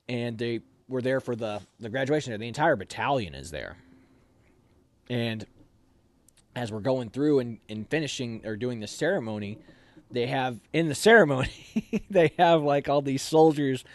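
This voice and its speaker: Young man, casual storytelling, animated, dry close sound, mid pitch. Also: no room sound. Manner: animated, laughs while telling, acts out quotes. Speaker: interviewee telling army training stories.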